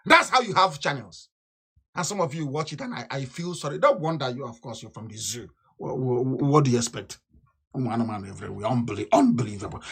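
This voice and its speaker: A man giving an impassioned political broadcast, fiery and scornful, repeating himself and bursting into shouts. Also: medium pitch, expressive, moderate pace, gravelly, breathy edge. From Nigeria. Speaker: activist leader.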